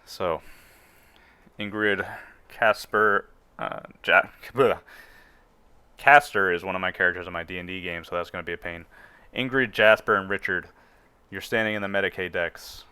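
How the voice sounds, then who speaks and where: Male game master, low and clear, loose and joking. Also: moderate pace, pauses often, pushed and bright, dry recording. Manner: rambling, joking, fillers. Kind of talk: narrating a tabletop game.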